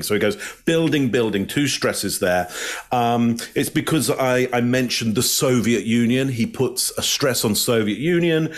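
A man's voice: mid-range voice, animated, unhurried. A man in a casual panel discussion, breaking down speech patterns and acting out quoted lines. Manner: analytical, acts out quoted lines. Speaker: body language analyst.

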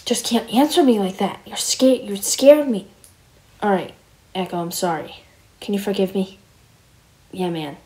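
A woman's voice: medium pitch, measured pace, long pauses, darkish tone, lightly acted, rough recording. A woman voicing a young male wolf in a Minecraft roleplay, talking casually, calling everyone bro and stammering with fillers. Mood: earnest. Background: background music.

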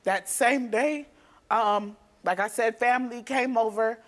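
A young woman, a guest on a talk show, recounting events in a rapid, emotional way. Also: a little high. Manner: rapid, emotional storytelling with restarts. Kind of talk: telling her story on a talk show. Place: TV studio stage.

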